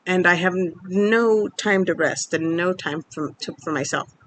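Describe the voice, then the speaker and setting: A woman's voice: on the low side, unhurried, a bit bright, a little hiss or hum. A young woman in her twenties, from Mexico, candidly telling a personal story in a casual vlog, rambling with lots of fillers. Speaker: vlogger.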